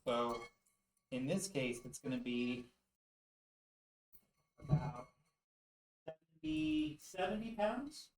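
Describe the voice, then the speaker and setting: A man's voice: fairly high pitch, wildly swooping pitch, slow pace, long pauses. A man hosts a casual, joking vlog, firing off puns and crude asides while working out with weights. He sits far from the camera mic, so his voice rings in a roomy echo with faint background hiss. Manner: jokey, punning, crude asides. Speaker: YouTube host. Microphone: camera mic from a distance.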